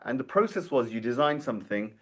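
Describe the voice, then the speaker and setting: A man's voice: mid-range voice, fast. A man in his forties, a podcast guest, tells his career story and acts out the dialogue in it. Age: 40s. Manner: animated storyteller who acts out quoted dialogue. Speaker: guest, dental marketing founder. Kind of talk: storytelling interview.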